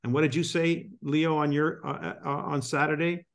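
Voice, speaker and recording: A man's voice: on the high side, level tone, normal speed. A man coaching a sales team on a group call, driving his points home with emphatic, punchy delivery. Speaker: business coach. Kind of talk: motivational call talk.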